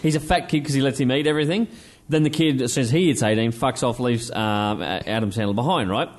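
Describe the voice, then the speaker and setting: A man hosting a casual podcast chat. He talks in a loose, animated way and swears freely as he recaps films and comics. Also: mid-range voice, quick pace. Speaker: podcast host.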